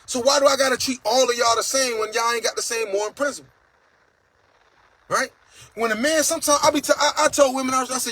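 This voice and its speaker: Reading out viewer comments, a livestream host delivers a casual monologue that's blunt, profane and preachy. He talks at a quick pace in a very high, slightly bright voice, and the recording quality is low.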